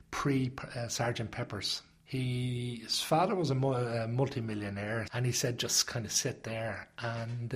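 Dublin guy telling a long story, kinda rambling, easygoing. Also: mid-range voice. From Ireland. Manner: rambling, anecdotal. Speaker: interviewee. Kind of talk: casual storytelling.

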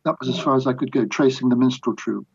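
A man's voice: mid-range voice, fast talker, vocal fry, a little mellow, slightly rough, dull audio. An older man, a biographer, answering interview questions in a reflective, anecdotal way with hesitant restarts. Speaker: biographer guest.

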